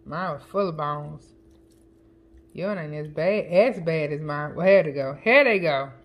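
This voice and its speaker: A woman chatting casually as a home cooking vlogger, counting her seasoning shakes out loud and joking with family off camera. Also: low-pitched, unhurried, muffled recording. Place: home kitchen. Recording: kitchen clatter of dishes and utensils.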